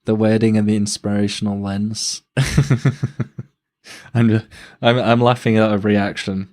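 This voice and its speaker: A man's voice: lowish voice, darkish tone. Man musing hesitantly on stream. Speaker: streamer reacting to a video. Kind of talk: live reaction commentary.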